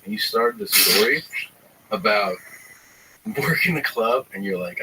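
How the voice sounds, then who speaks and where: A man's voice: lowish voice, expressive, normal speed, pauses often, far from the mic, background noise. A man hosting a casual chat, recounting a story to his guest.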